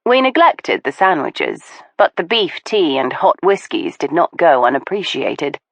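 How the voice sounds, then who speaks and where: A woman narrating a period mystery novel in the first person, measured and expressive. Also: sits low, dry recording. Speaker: audiobook narrator.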